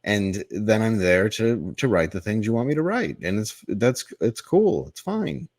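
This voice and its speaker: Blunt low-voiced man telling a grievance. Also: very animated, measured pace, darkish tone, no echo, clean studio sound. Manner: blunt, profane, rambling with restarts. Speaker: comedian guest. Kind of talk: candid podcast storytelling.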